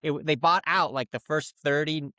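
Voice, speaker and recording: A man's voice: on the high side, a little fast, sharp tone, no room sound, clean studio sound. A man co-hosting a podcast, telling a story in casual chat and acting out phone calls in put-on voices. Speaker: podcast co-host.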